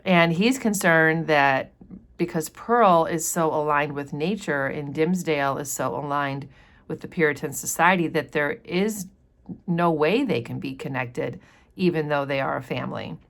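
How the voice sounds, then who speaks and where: A woman's voice: low-pitched, a little slow, gravelly, fairly bright tone. A woman teacher chatting through a novel chapter, explaining passages with casual fillers. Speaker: literature teacher. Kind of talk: casual book commentary with read passages.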